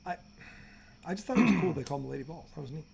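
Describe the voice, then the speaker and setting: A man's voice: fairly high pitch, expressive, racing, gravelly, over a noisy crowd. A man co-hosting a casual sports talk show, ranting heatedly and swearing freely.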